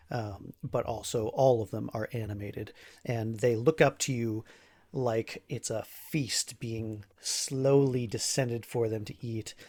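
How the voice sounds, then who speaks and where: A man narrating as game master for a tabletop game, easygoing with frequent ums and uhs. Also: medium pitch. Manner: relaxed, many ums and uhs, laughs easily.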